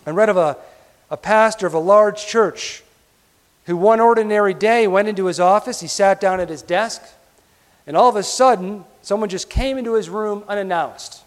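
Brief: male pastor, fairly high voice, emphatic sermon with quiet drops, recorded in a hall with a long reverb. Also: normal speed. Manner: emphatic, often drops to a quiet, low delivery.

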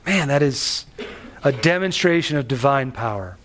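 A man preaching a sermon on a Bible passage, animated and emphatic, pushing his voice up on key phrases. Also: mid-range voice, moderate pace. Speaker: pastor.

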